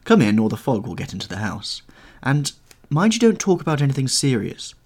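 A man's voice: huge pitch swings, a little fast, a little mellow. A man putting on a languid, petulant young dandy. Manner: airy and languid, with sudden high lilts. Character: languid, petulant young gentleman, bored and witty. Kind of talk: audiobook character reading.

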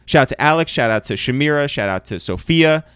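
A man co-hosting a podcast, reading shout-outs and promos in an upbeat voice, then chatting casually with a guest. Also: on the high side, lively intonation, a little fast, clear, resonant tone, no echo, studio quality. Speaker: podcast co-host.

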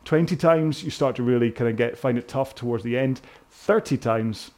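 Leading a row-along workout, a British man talks casually, rambling and mocking himself. His British-accented voice is medium in pitch, a bit mellow, and moderately paced. He's a rowing instructor from Britain.

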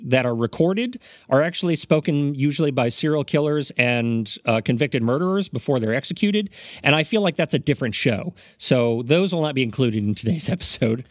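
A man hosts a casual comedy podcast with a slightly high voice. He rambles wryly and makes self-aware jokes. His voice sounds dry and close to the mic. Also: no echo. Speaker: podcast host presenting the topic.

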